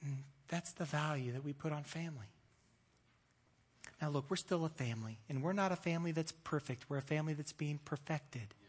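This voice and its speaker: A male pastor in his thirties with a high voice, preaching a sermon in a loose, conversational way. He jokes at his own expense and often restarts his sentences. His voice rings out with the long reverb of a large church hall. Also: a little fast. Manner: conversational, self-deprecating humor with frequent restarts.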